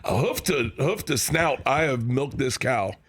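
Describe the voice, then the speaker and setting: A man in his fifties, a comedian guest in a studio, telling animated stories, laughing often and acting out other people's lines. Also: mid-range voice, a little slow. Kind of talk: animated storytelling with quoted voices. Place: radio show studio.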